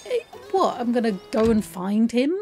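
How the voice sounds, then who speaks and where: A woman's voice: fairly high pitch, very animated, moderate pace, darkish tone, faint music behind. A woman hosting a let's play, telling a story in a chatty, rambling, self-deprecating way. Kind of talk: casual storytelling over gameplay.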